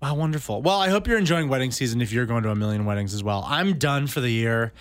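A man's voice: mid-range voice, animated, quick pace, dry recording. A man co-hosting a podcast in casual chat, a jokey storyteller. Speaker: podcast co-host.

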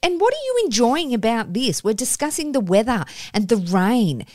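A woman's voice: fairly high pitch, normal speed, no echo, clean studio sound. A woman, co-hosting a casual chat and acting out stories with quoted voices. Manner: animated storyteller, acts out quotes. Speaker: podcast co-host.

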